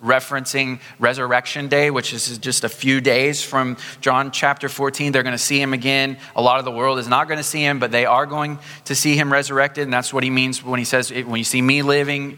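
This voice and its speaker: A man preaching a sermon as pastor, conversational in tone, slowing down to stress key points. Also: medium pitch, flat delivery, sharp tone, long reverb tail. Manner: conversational, slows down for emphasis. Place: church sanctuary.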